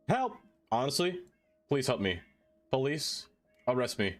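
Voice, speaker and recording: A young American man hosts a casual live stream, laughing as he tries out goofy accents. His pitch swings a lot as he plays around, with faint music playing under his voice. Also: huge pitch swings, a little slow. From United States. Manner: playful, giggly, trying out silly accents.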